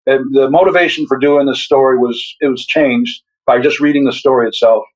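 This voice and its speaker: A man's voice: medium pitch, steady tone, brisk, highs cut off. An older man, a guest on a podcast interview, speaking reflectively with hesitant restarts. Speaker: author and retired radiologist guest. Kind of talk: casual interview chat.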